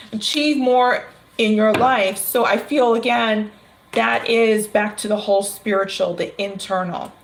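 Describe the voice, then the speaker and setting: A woman reading tarot cards on a casual livestream, chatty and quick to laugh. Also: mid-range voice, a little hiss or hum. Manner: chatty, laughs often, animated storytelling. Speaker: tarot reader.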